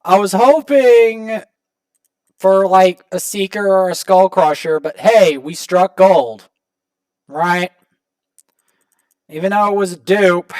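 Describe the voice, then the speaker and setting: A man hosting a gaming channel, casually commenting to viewers as he opens rewards, prone to excited outbursts. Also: high voice, takes it slowly, pauses often, no echo. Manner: excitable, talks to viewers while opening rewards.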